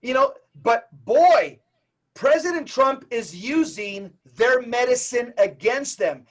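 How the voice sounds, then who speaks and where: Man, strikingly high voice, emphatic preacher-like delivery, rapid-fire lists, podcast interview guest. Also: animated. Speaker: Catholic evangelist guest.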